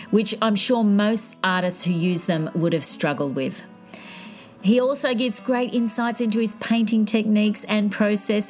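A woman's voice: mid-range voice, a little mellow. Woman reading a podcast intro. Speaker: podcast host. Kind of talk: scripted introduction.

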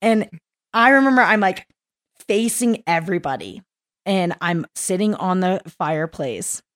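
A woman from East Texas, a climbing guide, telling stories as a podcast guest with lots of laughter in a rambling, animated way. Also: fairly low pitch, measured pace. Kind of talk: casual podcast chat. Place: recorded in a mountain town in Colorado.

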